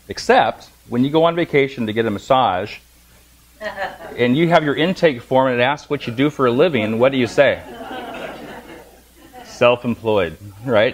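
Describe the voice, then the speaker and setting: A middle-aged man teaches a class of massage therapists, talking at a brisk clip. He tells stories with humor and acts out the voices of people in them. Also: mid-range voice, expressive, poor audio. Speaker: massage instructor. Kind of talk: lecture to a class.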